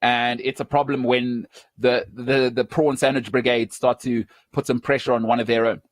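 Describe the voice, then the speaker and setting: Opinionated South African sports host. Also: male voice, medium pitch, moderate pace, dry recording. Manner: animated, chatty, digressive, laughs at himself.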